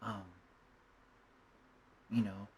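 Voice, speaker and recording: A man's voice: fairly low pitch, little pitch movement, drawn-out words, darkish tone, a little hiss or hum, rough recording. A man giving a reflective spoken monologue, rambling and musing, often checking in with "right?". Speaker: monologue speaker.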